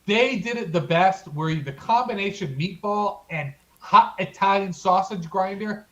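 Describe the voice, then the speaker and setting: This man co-hosts a casual podcast and his voice sits high for a man. The recording is slightly dull and muffled. He gets excited about the subject and stretches out his exclamations. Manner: excitable, relishing food talk with drawn-out exclamations. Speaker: podcast co-host. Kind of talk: casual chat.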